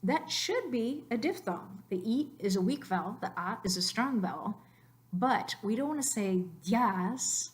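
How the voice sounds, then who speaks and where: A woman narrating a slide lesson on Spanish phonetics, explaining patiently and slowing down to stress key words. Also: fairly high pitch, lively intonation. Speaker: Spanish teacher.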